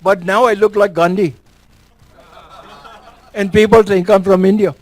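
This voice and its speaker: A man's voice: high-pitched, fairly even intonation, a little slow, a little mellow, poor audio. A man from New York state gives a talk and takes audience questions, folksy and joking, repeating words for emphasis. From Elmira, New York. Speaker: guest speaker.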